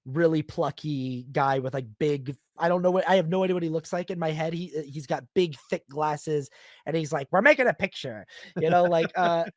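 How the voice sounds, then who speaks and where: A man hosting a casual film podcast, animated and often acting out characters in silly quoted voices. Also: a little high, normal speed, no echo, clean studio sound. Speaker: podcast host.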